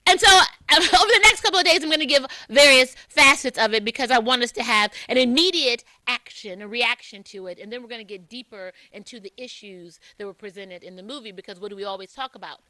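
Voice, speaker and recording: A woman's voice: on the high side, fast, few pauses, pushed and bright, no echo. A middle-aged woman hosting a call-in radio talk show, speaking in a heartfelt, conversational way as she tells personal stories.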